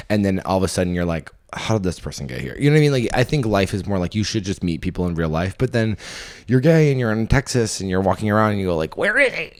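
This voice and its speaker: A young man with a deep, low voice hosts a comedy podcast. He spins a loose, self-mocking story in a lively, off-the-cuff way, drifting from one thought to the next. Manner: animated, rambling, self-deprecating storytelling. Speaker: podcast host and stand-up comedian. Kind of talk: casual comedic monologue.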